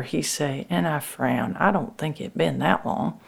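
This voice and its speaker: A woman telling a first-person story in folksy rural dialect, with halting restarts. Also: low voice, gravelly, husky.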